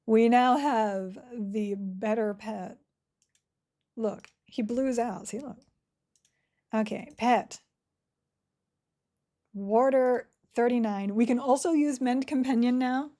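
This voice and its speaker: A woman with a fairly high, warm voice talks slowly and pauses often. She's live-streaming gameplay, chatting happily and fielding viewers' questions as she goes.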